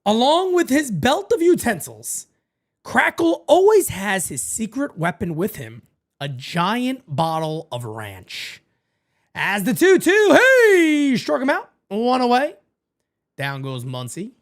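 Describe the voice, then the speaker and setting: A woman hosting a live baseball watch-party stream, chatting casually and profanely, dropping into low mutters between bursts of energy. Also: wildly swooping pitch, takes it slowly.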